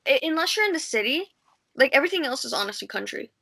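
Bright high-voiced woman from Texas. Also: very animated, fast talker, creaky. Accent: Texan. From Texas, United States. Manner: bubbly, rambling with many fillers. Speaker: podcast co-host. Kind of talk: casual chat.

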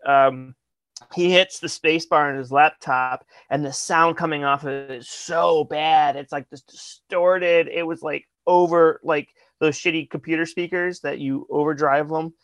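A man's voice: a little high, steady tone, unhurried, a bit bright, no room sound. A man, a guest musician, telling a rambling funny story in casual talk, swearing and laughing often.

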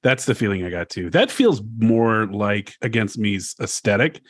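Podcast co-host, forties, animated storyteller who curses and acts out quotes, dry close sound. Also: male voice, fairly low pitch, moderate pace, dry recording. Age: 40s. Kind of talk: casual chat.

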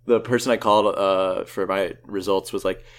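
A man co-hosting a podcast, telling stories in an animated way and laughing often. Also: low-pitched, normal speed. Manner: animated storyteller, laughs often, mimics people. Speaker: podcast co-host. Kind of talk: casual chat.

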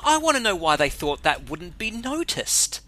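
A man co-hosting a comedy podcast, trading dry, sardonic quips. His voice is bright and sharp, with a lively, up-and-down pitch. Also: normal speed. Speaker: podcast co-host. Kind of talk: casual comedy chat.

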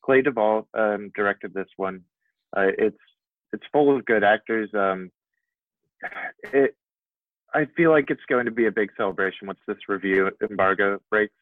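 Podcast guy, lowish voice, rambly casual chat, sounds like a thin phone line. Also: normal speed, long pauses, no echo. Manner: rambling, filler-heavy, laughs often. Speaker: podcast co-host.

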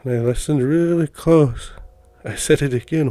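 Middle-aged man, folksy storyteller, rambling with fillers, mellow tone, dry close sound. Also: medium pitch, normal speed, dry recording. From Montana. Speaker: podcast guest telling personal stories. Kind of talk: casual storytelling.

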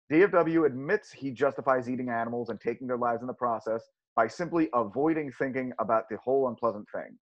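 A man's voice: mid-range voice, fast. A man hosting a podcast, chatting casually and reading his notes aloud. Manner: enthusiastic, reads notes aloud. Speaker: podcast host. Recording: dull lo-fi mic.

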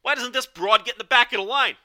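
A man putting on an annoyed East Coast guy with road rage, speaking in an indignant, shouting way with an East Coast accent. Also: very high voice, quick pace, voice pushed up, heavily acted. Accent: American East Coast.

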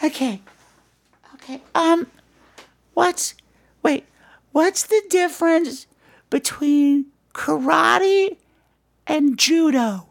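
A man voicing a six-year-old girl who tells silly jokes, in a high, slow, drawn-out childish voice. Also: gravelly, full character voice. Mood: coy.

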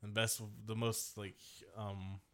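A man's voice: on the low side, little pitch movement, takes it slowly, fairly bright tone. A man co-hosting a podcast in casual, rambling chat, with lots of fillers and swearing. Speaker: podcast co-host.

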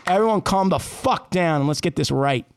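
Bossy high-voiced man. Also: animated, normal speed, slight background noise. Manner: bossy, cursing, laughing. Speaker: director of a mock podcast. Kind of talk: rowdy banter.

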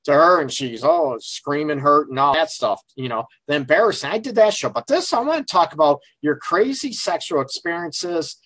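A man's voice: fairly high pitch, pushed and bright, no room sound. Rambling middle-aged male radio host, dry sound. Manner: rambling and frank, with frequent fillers. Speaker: radio show host and relationship counselor. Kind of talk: casual live call-in radio talk. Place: his office.

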